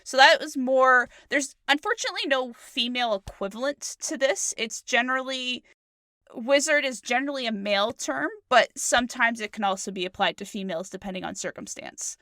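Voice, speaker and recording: A woman's voice: fairly high pitch, pushed and bright, dry recording, clean studio sound. A woman co-hosting a storytelling podcast, chatting casually and self-mockingly. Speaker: podcast co-host. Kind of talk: casual chat.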